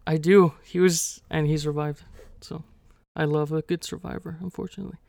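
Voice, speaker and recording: A man's voice: on the high side, steady tone, fairly quick, vocal fry, darkish tone, no echo, studio quality. A young man co-hosting a podcast, talking things through in a hesitant way, restarting often and laughing off tension. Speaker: podcast co-host. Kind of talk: heated casual discussion.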